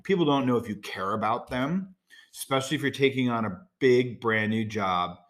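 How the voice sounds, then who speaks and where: A man's voice: mid-range voice, animated, moderate pace. Middle-aged man hosting a casual podcast. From United States. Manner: conversational, direct, with frequent fillers and asides. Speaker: podcast host. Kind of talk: casual solo podcast talk.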